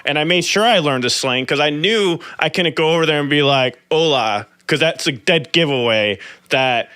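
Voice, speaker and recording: A man's voice: a little high, moderate pace, clear, resonant tone, no echo. A man co-hosting a casual music podcast, telling stories with lots of laughter and casual swearing. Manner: animated storyteller, laughs often, swears casually. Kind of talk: casual chat.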